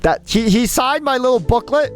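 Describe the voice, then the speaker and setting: A young adult live streamer chatting casually with viewers, excitable and chatty, often restarting sentences. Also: sits high, normal speed, faint music behind. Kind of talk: casual chat while reading stream chat.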